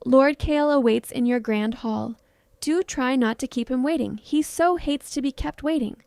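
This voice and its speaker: A woman's voice: sits high, moderate pace, vocal fry, a little mellow, no echo, studio quality. A woman voicing a sly male vampire messenger who speaks with mockery. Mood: mocking. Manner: mocking, sly.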